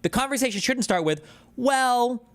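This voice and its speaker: A man's voice: sits high, sing-song, fairly quick. A man in his thirties streaming political reaction commentary, ranting in a heated, profane and exasperated way.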